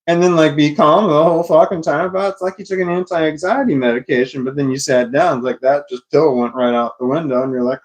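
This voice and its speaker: A man's voice: a little high, quick pace. A man rambling through a casual monologue, full of fillers, restarts and swearing. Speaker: vlogger.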